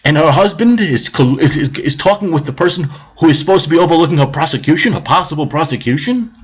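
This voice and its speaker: A man's voice: a little high, animated, fast talker, breathy edge. A man ranting on a live stream about politics, heated, sarcastic and profane, repeating his points.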